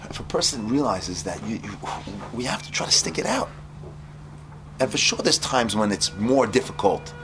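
A man's voice: lowish voice, normal speed, music in the background. Guy giving a chatty sermon to yeshiva students, voice all over the place, lotta "you know". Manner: animated, conversational, many fillers. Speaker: rabbi teaching yeshiva students. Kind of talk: storytelling sermon.

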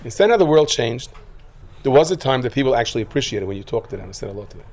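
A man preaching a sermon, his voice at an ordinary middle pitch. He spins stories and jokes, acting out the people in them and building to loud peaks. A faint noise sits under the recording. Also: very fast. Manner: lively storyteller who acts out quotes, rising to loud outbursts. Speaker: rabbi giving a talk.

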